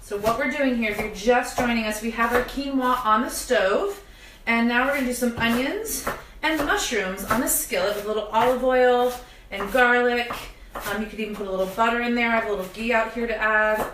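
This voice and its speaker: A woman's voice: fairly high pitch, fairly quick, roomy sound, far from the mic, noisy background. A young woman hosting a live cooking demonstration in her home kitchen, chatting directly to viewers with self-deprecating humor while her eyes water from onions. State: teary-eyed from onions. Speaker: cooking show host. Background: kitchen clatter of pots and dishes.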